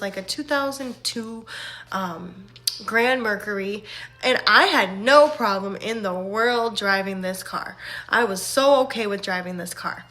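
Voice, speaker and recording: A woman's voice: on the high side, bright, forceful tone. A young woman casually telling a faith testimony, chatty, with fillers and acted-out quotes. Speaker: faith vlogger.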